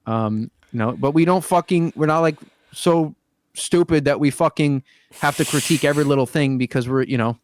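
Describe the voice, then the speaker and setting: In this casual podcast chat, the young adult male host rambles, swears a lot and uses plenty of fillers. He speaks a little fast in a voice on the high side, with slight background noise.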